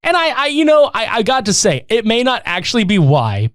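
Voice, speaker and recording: A man tells a movie's story in loose, profane chat, his pitch bouncing high and low as he acts out the characters. His voice sits a little high for a man and sounds close and dry. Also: a little fast, no room sound. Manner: animated, swearing, acts out characters' lines. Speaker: movie recap podcaster.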